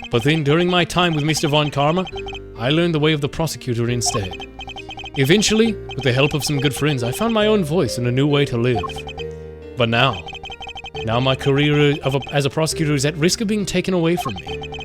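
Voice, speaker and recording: A man reading game dialogue aloud as a composed, reflective young male prosecutor, in a measured, earnest way. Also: mid-range voice, lively intonation, music in the background, natural voice.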